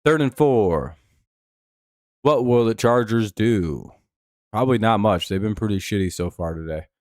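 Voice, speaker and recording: A man's voice: on the low side, lively intonation, measured pace, dry recording. A man hosting a live stream, giving laid-back, dry play-by-play and chatting with viewers. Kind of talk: casual game-watching commentary.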